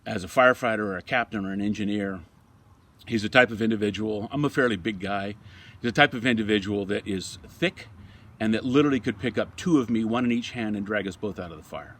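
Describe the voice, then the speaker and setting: An older man, a retired fire captain, telling lively anecdotes in an interview and then speaking quietly and reflectively. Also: lowish voice, fast. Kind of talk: interview storytelling.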